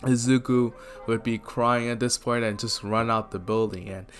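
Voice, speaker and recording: A young man spinning a fan-made what-if story, loose and rambling, tossing in fillers as he goes. His pitch sits in a middling range. Soft lofi music runs faintly in the background. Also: moderate pace. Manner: rambling, filler-heavy, relaxed. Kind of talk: casual fan-story narration.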